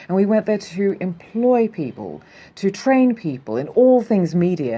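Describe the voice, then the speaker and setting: A woman with an Australian accent and a low voice hosts a loose news commentary. Her pitch swings widely as she reads a headline and then mocks it with sardonic asides. She sounds animated and unscripted. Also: slightly rough. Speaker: news show host.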